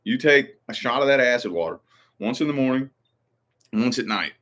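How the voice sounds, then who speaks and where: A man hosting a casual stream, telling stories in a rambling, profane, animated way. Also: mid-range voice, normal speed. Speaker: channel host. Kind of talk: casual livestream chat.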